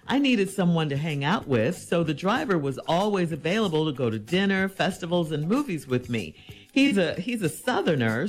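A woman hosting an advice show, reading a listener's letter, then answering in an incredulous, teasing way. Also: low voice.

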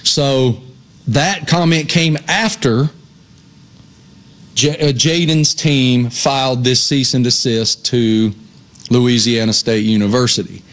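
Measured male sports show co-host. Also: mid-range voice. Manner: measured, thinks aloud with opinions. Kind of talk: casual sports talk. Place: TV studio.

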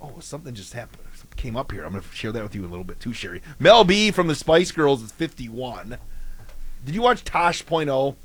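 A man's voice: mid-range voice, big pitch swings, brisk, fairly bright tone, breathy edge. A man hosting a local morning radio show, chatting and joking casually with his co-host.

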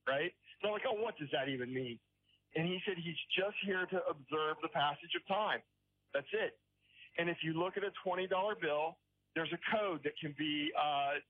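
A rambling male caller comes through a tinny, dry phone line, his voice sitting fairly high for a man. He hesitates and restarts, and keeps checking in with the host as he tells his story. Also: no room sound. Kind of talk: call-in radio story. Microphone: telephone.

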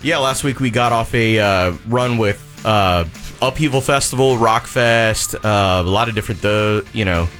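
Deep-voiced laid-back rock musician. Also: male voice, normal speed, a bit bright, faint music behind. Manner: laid-back, easygoing, many fillers. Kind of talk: casual radio interview. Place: radio studio.

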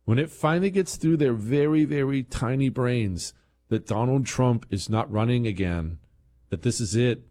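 A man's voice: mid-range voice, moderate pace, dark tone. A man hosting a political talk show, ranting angrily and heatedly. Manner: angry, ranting, mocking mimicry.

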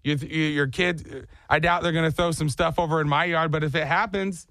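A man's voice: fairly high pitch, steady tone, brisk, fairly bright tone, no room sound. A man hosting a comedy talk show, riffing animatedly and slipping into silly put-on voices. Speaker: radio show host. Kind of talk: comedic radio banter.

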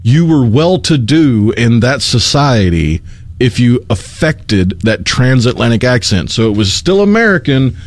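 A man's voice: mid-range voice, sing-song, a little slow. A man in casual conversation, explaining language history in a lecturing way. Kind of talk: casual chat.

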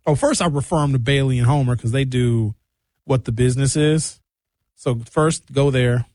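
A man hosting a talk radio show, delivering an animated comic rant from a studio. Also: normal speed, dry recording. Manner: animated rant, mimics callers in higher voices.

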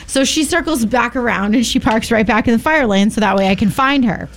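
A woman's voice: fairly high pitch, a little fast. A woman co-hosting a radio show, telling stories casually and sprinkling in lots of "like". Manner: chatty, lots of "like", laughs at her own stories. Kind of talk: casual storytelling banter. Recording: radio studio with faint music bed.

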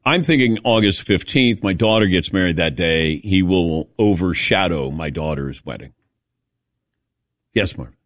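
Lively, low-voiced male talk show host. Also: a little slow, dry recording, clean studio sound. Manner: laughs often, calls on crew by name. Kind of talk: casual studio banter.

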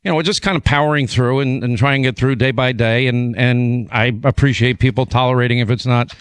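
A hoarse man hosting a talk radio show, his voice a little rough from a bout of laryngitis. He rambles, stumbles and repeats words, then rushes ahead in quick bursts. The sound is close and dry, with no room in it. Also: medium pitch, steady tone, no room sound. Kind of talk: casual on-air chat. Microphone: studio broadcast mic.

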